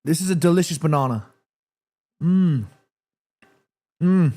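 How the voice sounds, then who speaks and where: A man from Korea hosting a live football watchalong stream, reading chat aloud, eating snacks and reacting loudly to the match. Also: a little high, unhurried. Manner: chatty, reads chat aloud, excited shouts at match action.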